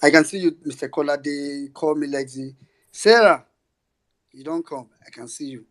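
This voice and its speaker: Brisk man moderating an audio room. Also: on the high side, a bit bright. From Nigeria. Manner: brisk, calling on speakers by name. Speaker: host of an online audio room. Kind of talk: moderating a live audio discussion.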